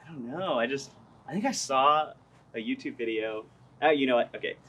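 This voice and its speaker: A man's voice: medium pitch, animated, brisk, sharp tone. A young man who sings in a band, talking casually in an interview in a laid-back, rambling way and laughing often. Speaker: band singer.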